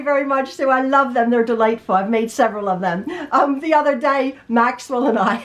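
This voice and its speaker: A woman's voice: high voice, a little slow, faint music behind. Chatty woman quilting teacher. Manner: chatty, rambling with restarts and laughter. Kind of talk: casual chat reading viewer emails. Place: home sewing room.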